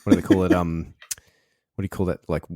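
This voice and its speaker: A man's voice: deep voice, little pitch movement, fast, mellow, no echo. A man co-hosting a comedy podcast, making wry asides and laughing easily in the banter. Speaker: podcast co-host.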